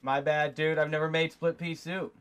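A man's voice: a little high, little pitch movement, moderate pace, a bit bright, clear, resonant tone. A man filming his friend, answering in easygoing, sheepish banter. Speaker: cameraman friend. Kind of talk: casual banter.

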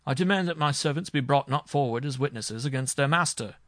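A man reading aloud and voicing an arrogant, hot-tempered noble marshal on trial, who blusters loudly and indignantly. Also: mid-range voice, moderate pace, no room sound, clean studio sound, lightly acted.

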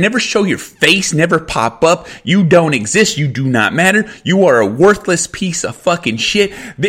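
A man's voice: high voice, fairly bright tone. A man from California hosting a podcast, ranting angrily in a heated, profane, repetitive way. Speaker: podcast host. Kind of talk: angry podcast rant.

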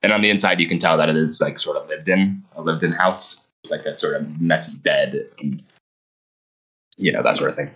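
A man's voice: rumbling low, fairly even intonation, moderate pace, sharp tone, breathy edge, low-quality recording. A man narrating as game master at a tabletop game, describing the scene loosely with many fillers.

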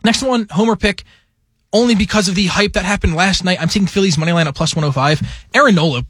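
A man's voice: sits high, fast talker, a bit bright. A man on a sports radio show, talking casually and running through stats for his betting picks. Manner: chatty, runs through stats. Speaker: co-host giving betting picks. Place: radio studio.

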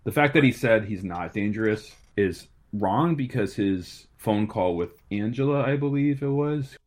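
A man's voice: lowish voice, lively intonation, unhurried. A man casually discussing a movie with a friend, rambling and slangy, often restarting his sentences. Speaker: podcast co-host.

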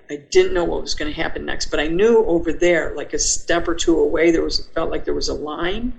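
A woman's voice: fairly low pitch, vocal fry, low-quality recording. An older woman, a podcast guest, telling a personal story vividly and acting out her own thoughts as she goes.

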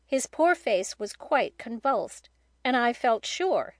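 A woman narrating a children's novel in a steady, clear storytelling manner. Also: fairly high pitch, slow pace, no room sound, clean studio sound. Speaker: audiobook narrator.

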